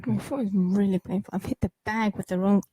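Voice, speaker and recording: A woman's voice: mid-range voice, fairly even intonation, brisk, dark tone, breathy edge, dry recording, rough recording. A woman co-hosting a casual chat at home, playful, complaining and laughing easily. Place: home flat.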